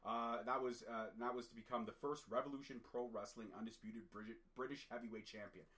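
A man hosts a loose, chatty podcast, running through a list of facts and dropping jokey asides along the way. His voice has a bright, forward tone at a mid pitch. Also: fairly even intonation, a little fast. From Canada. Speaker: podcast host. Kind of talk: casual podcast chat.

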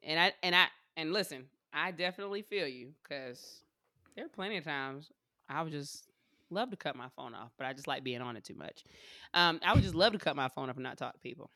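A woman's voice: deep voice, lively intonation, fairly quick, sharp tone, no echo, clean studio sound. A woman co-hosting a casual chat with friends, blunt and profane, teasing with affection.

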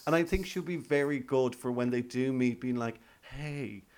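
A man's voice: medium pitch, brisk, a little mellow. A man hosting a podcast, chatting casually and playfully about a reality show and laughing often. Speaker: podcast host. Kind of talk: casual recap chat.

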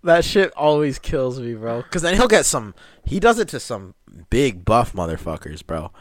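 A man's voice: mid-range voice, moderate pace, no echo. A young man co-hosting a casual podcast chat, telling stories with lots of swearing and laughter. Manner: animated storytelling, swears a lot, laughs often. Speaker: podcast co-host.

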